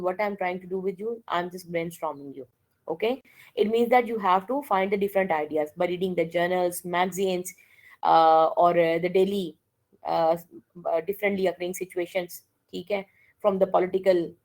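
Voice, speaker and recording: Lower-pitched woman lecturing. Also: poor audio. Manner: code-switches and keeps checking with "okay?". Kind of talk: classroom lecture.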